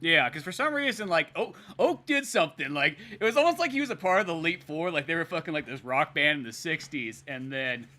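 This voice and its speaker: A man's voice: fairly high pitch, expressive, fairly quick, hardly any pauses, bright, forceful tone. A young man co-hosting a podcast, chatting loosely with lots of fillers and swearing, acting out quotes from a comic. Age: young adult. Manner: loose and profane, many fillers, acts out quotes. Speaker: podcast co-host. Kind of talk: casual chat.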